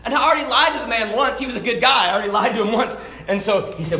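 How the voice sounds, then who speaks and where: High-voiced preaching man, echoey. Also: fast, slight background noise. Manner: swings from shouted preaching to quiet asides. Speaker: pastor. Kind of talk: sermon.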